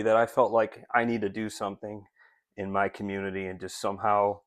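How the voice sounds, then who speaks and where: A man's voice: on the low side, no room sound, studio quality. A man leading a street outreach ministry, giving an earnest, rambling update to supporters with many fillers and restarts. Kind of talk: casual spoken update to supporters. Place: Rochester area.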